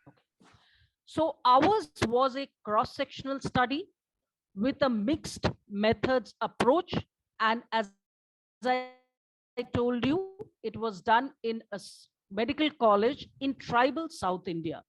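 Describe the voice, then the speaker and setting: A woman presenting her research study at a conference, speaking in a measured way and asking for the next slide. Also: fairly high pitch, animated, low-quality recording.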